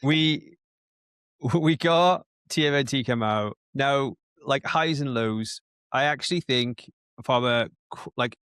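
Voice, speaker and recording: A man's voice: mid-range voice, slow, a bit bright, clean tone, dry recording. A man co-hosting a casual podcast, rambling, with lots of restarts. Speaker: podcast co-host.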